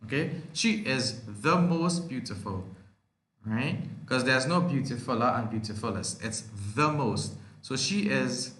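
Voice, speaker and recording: A man with a Trinidadian accent teaches an online grammar lesson in a bright, forceful voice. He works through examples step by step and poses questions only to answer them himself. The recording is roomy and echoey. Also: mid-range voice, animated, a little slow. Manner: explains step by step, asks and answers his own questions. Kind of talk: online language arts lesson. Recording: echoey room.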